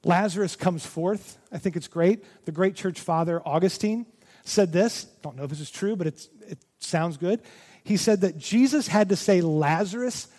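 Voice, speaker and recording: A male pastor preaching a sermon with great passion, moving between loud emphasis and hushed, near-whispered lines. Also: high voice, moderate pace. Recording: long reverb of a large hall.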